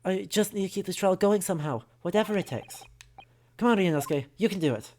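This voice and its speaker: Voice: mid-range voice, brisk, a little mellow, a little hiss or hum, natural voice. A streamer reading a game aloud and voicing an anxious young male defense lawyer who mutters his worries. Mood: worried.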